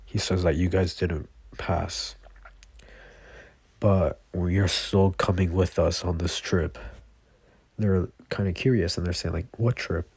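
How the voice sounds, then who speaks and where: Brief: rambling male storyteller, casual, low monotone, husky. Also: slow pace, long pauses, dry recording. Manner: rambling, lots of fillers and self-corrections. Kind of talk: casual improvised fan storytelling.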